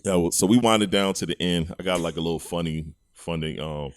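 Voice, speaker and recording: A man's voice: low-pitched, brisk, dry recording. A man co-hosting a podcast, telling stories in casual slang and laughing often. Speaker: podcast co-host. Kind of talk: casual chat.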